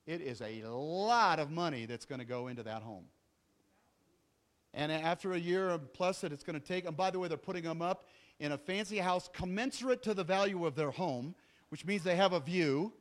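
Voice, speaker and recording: A middle-aged man preaching a sermon, telling a story with jokey asides and acting out what people said. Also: fairly high pitch. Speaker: pastor.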